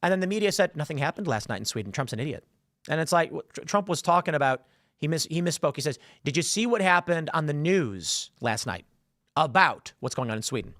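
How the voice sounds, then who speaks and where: A man's voice: on the high side, expressive, a little fast, a bit bright, no room sound, clean studio sound. A man hosting a political commentary show, talking in a sarcastic, mocking monologue. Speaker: show host.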